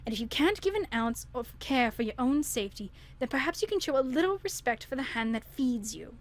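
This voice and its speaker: A woman's voice: sits high, expressive, brisk. A woman reading aloud as a formal, firm female manager handing down a reprimand. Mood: stern.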